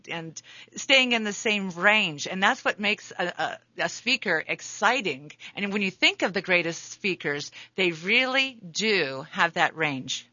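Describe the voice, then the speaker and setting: A woman hosting a radio interview with a bright, forward tone and an easygoing, chatty manner. The sound is dry and close, with a muffled radio quality. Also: mid-range voice, no room sound. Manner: chatty, laughs easily. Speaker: radio host.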